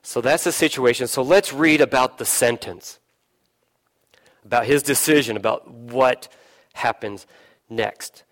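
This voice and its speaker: A man's voice: a little slow, pauses often. A man preaching a sermon, putting questions to his listeners and briefly acting out voices from the story. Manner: lively preaching, asks the listeners questions, acts out voices, drops low for emphasis. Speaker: pastor.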